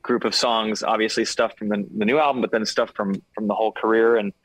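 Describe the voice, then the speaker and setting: A man's voice: fairly low pitch, little pitch movement, quick pace, no room sound, poor audio. A man from Los Angeles, a singer and actor being interviewed over a video call, talking casually with many fillers and restarts.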